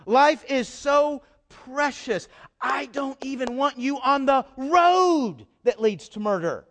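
Man doing an earnest male teacher, pleading tone, high pitch. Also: expressive, slow, fairly bright tone, exaggerated voice.

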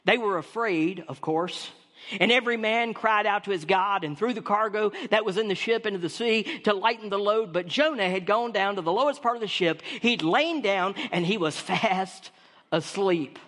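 A man's voice: sits high, normal speed, fairly bright tone, long reverb tail. A male pastor preaching a sermon with emphatic, repetitive phrasing that builds through lists and questions.

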